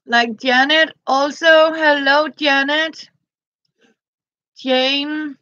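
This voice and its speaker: A woman, chatting gently on a live stream and greeting her viewers by name. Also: sits high, steady tone, very slow, no room sound, dull audio. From Denmark. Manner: greets viewers by name between thoughts, gentle, frequent soft laughs. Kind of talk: casual live-stream chat.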